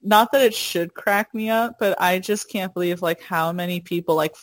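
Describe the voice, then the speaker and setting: A woman's voice: lowish voice, normal speed, no room sound. A woman co-hosting a podcast, rambling casually with lots of fillers. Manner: rambling, full of "like" and "blah blah". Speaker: podcast co-host. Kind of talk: casual chat.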